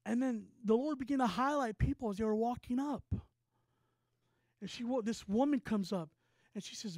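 Preacher guy, pretty high voice, storytelling sermon, dry sound. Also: moderate pace, dry recording. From Texas. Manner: storytelling with rising excitement and stammered repeats.

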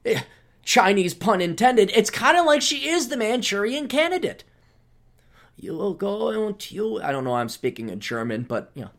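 A man's voice: very animated, normal speed, fairly bright tone. A male podcast host reading an article aloud and tearing into it with sarcastic commentary. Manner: sarcastic, mocking, voice jumps high when indignant.

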